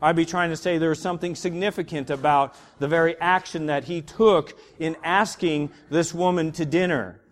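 A man's voice: a little high, fairly even intonation, normal speed, few pauses, in a large hall, a little hiss or hum. A man teaching a church Bible class, explaining casually with many fillers and restarts.

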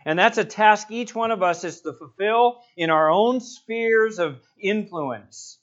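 A male pastor preaching a sermon, stressing words hard, rising to loud passionate peaks and dropping to quiet low asides. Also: measured pace, dull audio. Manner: emphatic, builds to loud passionate peaks then drops low.

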